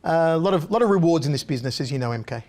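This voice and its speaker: A man sits as a guest on a talk show and spins long, animated stories. His voice sits notably high for a man, and he slips into the voices of the people he describes. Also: racing. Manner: lively storyteller who mimics other people's voices. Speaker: interview guest. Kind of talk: animated anecdote-telling.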